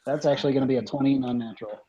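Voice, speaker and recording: A man plays a tabletop game at home, speaking in first person for his character. He has an ordinary mid pitch and talks casually, with some swearing. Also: fairly even intonation, very fast, mellow, lo-fi sound. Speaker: player.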